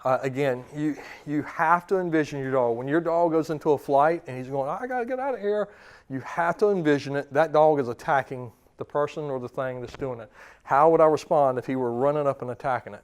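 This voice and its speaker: A man's voice: medium pitch, steady tone, brisk, clear, resonant tone. A man in his thirties, a dog trainer giving a seminar to clients, talking casually with lots of fillers and questions to the audience. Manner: casual, quizzes the audience, many fillers and restarts.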